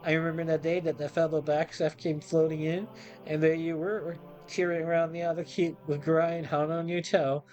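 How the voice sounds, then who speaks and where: A man's voice: on the high side, flat delivery, normal speed, a little mellow, pitched above the performer's own voice, natural voice. A man voicing a chatty old male servant in a game, reading his lines in a folksy, rambling way. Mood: teasing.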